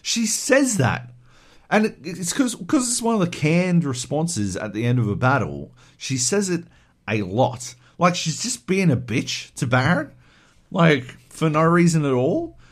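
A man's voice: on the high side, very animated, unhurried. A man co-hosting a podcast, ranting animatedly and swearing a lot in casual chat. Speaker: podcast co-host.

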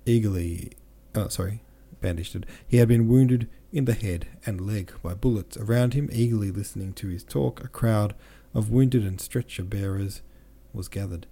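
A man reading a classic novel aloud as a podcast narrator, steady, with small slips he corrects himself. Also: lowish voice, moderate pace, hardly any pauses. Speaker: audiobook narrator and podcast host.

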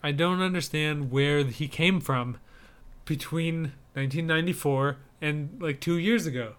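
A man in relaxed podcast banter with a smooth, resonant voice. He talks loosely, filling gaps with likes and ums. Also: a little high, unhurried. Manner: conversational, lots of likes and ums. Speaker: podcast co-host reviewing trailers. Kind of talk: casual chat.

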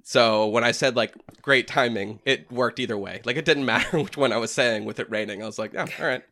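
A man's voice: medium pitch, quick pace, pushed and bright. A young man from New Hampshire with a New England accent, chatting casually and laughing at himself. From New Hampshire, USA. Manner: rambling, laughs often, self-mocking. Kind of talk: casual chat.

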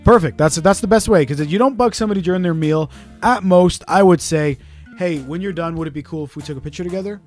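Fast-talking man telling stories. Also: high voice, darkish tone, soft background music. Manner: fast, swearing storyteller who acts out quotes. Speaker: podcast co-host. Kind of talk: casual podcast chat.

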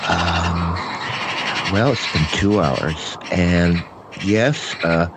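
A man's voice: low-pitched, extremely slow. A man voicing an impatient, fussy male visitor who has been kept waiting; he talks in an exasperated, questioning way. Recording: noisy background.

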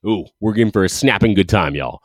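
A man with a slightly low voice hosts a laid-back football show, delivering a casual sports commentary monologue. He's eager and enthusiastic, rambling and correcting himself, with lively intonation and a somewhat fast pace. The recording is dry and close, with no room sound or echo.

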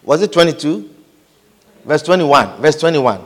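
A man's voice: fairly high pitch, animated, unhurried, long reverb tail. A male preacher delivering a sermon, emphatic, repeating his lines and asking the congregation whether they follow.

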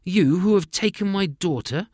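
A man's voice: on the high side, lively intonation, no echo, clean studio sound, pitched above the performer's own voice. A man playing a stern, hot-tempered storybook king. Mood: indignant. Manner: loud and commanding, quick to anger.

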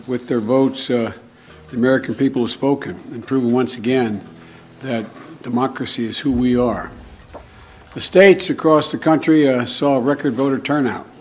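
A man giving a formal political address in a measured, halting way, pausing often. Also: mid-range voice. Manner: measured, halting with frequent uh pauses.

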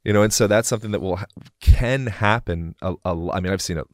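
A man's voice: on the low side, fast talker, no echo, studio quality. A man, a bodywork practitioner, speaking in a casual, rambling podcast interview and swearing now and then.

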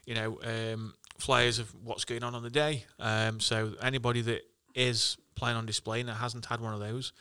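A man's voice: mid-range voice, little pitch movement, normal speed, few pauses, sharp tone, clear, resonant tone. A man organising an event, chatting casually and hesitantly, with many ums. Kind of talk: casual chat.

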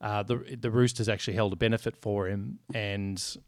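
A man's voice: fairly low pitch, fairly even intonation, fairly quick, no echo, studio quality. A man co-hosting a podcast, chatty and joking, swearing freely. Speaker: podcast co-host. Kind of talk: casual sports chat.

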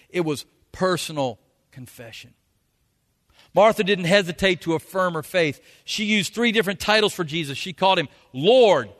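A man delivers a folksy sermon in a high, bright voice. He now and then bursts into loud, acted quotes. His words echo through a large hall with a long reverb. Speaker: pastor.

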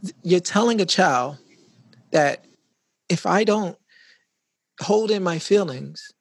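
A man's voice: sits high, slow pace, vocal fry, slightly rough, no echo. A man hosting a casual conversation, talking in a chatty, reflective way with frequent restarts.

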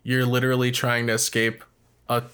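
A man's voice: mid-range voice, completely flat delivery, a little fast, a bit bright, slight background noise. A man chiming in with teasing, wisecracking comments during a casual chat.

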